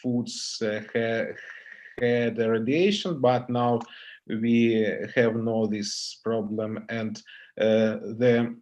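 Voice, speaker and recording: A man lecturing over a video call. He speaks at an unhurried, measured crawl in a middle-pitched voice, stopping often to search for the next English word. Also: steady tone, a little mellow, dull audio. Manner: halting non-native English, many pauses and fillers. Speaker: visiting lecturer. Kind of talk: online lecture Q&A.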